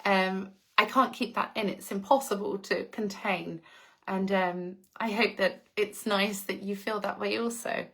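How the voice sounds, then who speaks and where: Cheerful English woman hosting a live chat, gushing and warm with her viewers. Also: mid-range voice, fairly even intonation, measured pace, vocal fry, husky. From England. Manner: effusive, gushing, laughs often. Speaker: live-stream host reading viewer comments.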